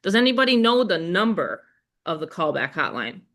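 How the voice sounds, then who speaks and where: An older woman with a Western New York accent hosts a live online sales webinar. Her bright, forceful voice stays chatty and upbeat, and she keeps turning to the audience with questions. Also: lowish voice, sing-song, moderate pace. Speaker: webinar host.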